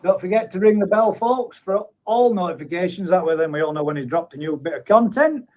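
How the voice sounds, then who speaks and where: High-voiced man chatting on stream. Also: lively intonation, a little fast, darkish tone. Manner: chatty and matey, chuckles often. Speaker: live stream host. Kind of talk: casual live chat, reading out viewer comments. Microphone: streaming setup at a computer.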